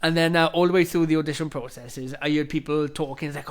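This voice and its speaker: A man's voice: on the high side, steady tone, fast talker. A man co-hosting a radio show, telling rambling stories in a matey tone. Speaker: radio co-host. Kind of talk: casual radio chat.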